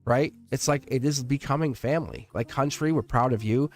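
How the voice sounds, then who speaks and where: A man's voice: medium pitch, a little fast, soft background music. Effusive rambling man hosting a live tarot stream. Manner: effusive and rambling, with frequent restarts and laughs. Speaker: live tarot reader and channel host. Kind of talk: live-stream chat to viewers.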